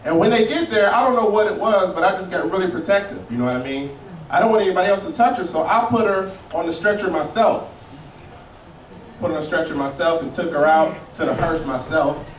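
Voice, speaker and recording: On a comedy club stage before a live audience, a man performs stand-up, spinning loose, profane stories that veer from somber to mocking. His voice is high and brisk. The live recording sounds roomy and distant, with loud crowd noise.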